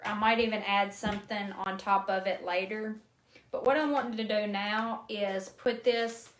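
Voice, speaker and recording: A crafting livestream host with a high-leaning, fairly bright voice leads a casual live demo. In an echoey room with faint noise, she chats away, teases herself, and frequently laughs at her mistakes.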